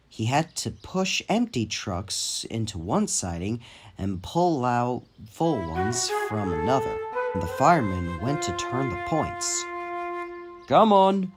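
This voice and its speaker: A man narrating a children's train story in an expressive storybook manner. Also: fairly low pitch, takes it slowly. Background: music.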